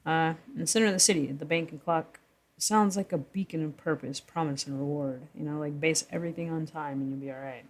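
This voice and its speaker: Woman vlogger with a deep voice, walking through her own story draft, rambling and self-correcting. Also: fairly quick. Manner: rambling, self-correcting, chuckles between thoughts. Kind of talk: casual vlog commentary reading from her draft.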